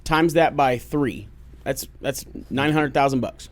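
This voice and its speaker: A man's voice: mid-range voice, measured pace. A man co-hosting a podcast, talking in casual banter with jokes and profanity. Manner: joking, profane, rambling. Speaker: podcast co-host. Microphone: studio podcast mic.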